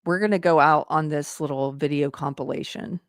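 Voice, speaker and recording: A woman's voice: deep voice, steady tone, moderate pace, no echo, studio quality. A woman hosting her own show, talking earnestly and directly to her viewers in a commentary style. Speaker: show host.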